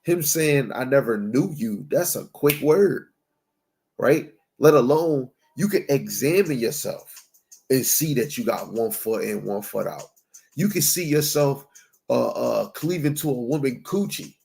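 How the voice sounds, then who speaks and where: Gravelly-voiced guy preaching casual, slangy, keeps saying right? and reading old bible verses. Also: medium pitch, lively intonation, measured pace, darkish tone. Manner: emphatic, street-slang preaching with constant "right?" check-ins; reads scripture aloud in King James wording. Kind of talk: conversational Bible teaching sermon.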